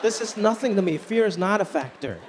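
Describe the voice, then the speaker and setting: A man performing a stand-up comedy routine on a club stage, talking in an animated way and acting out the voices he quotes. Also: high-pitched, fairly quick. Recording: live club recording with crowd noise. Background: audience laughter.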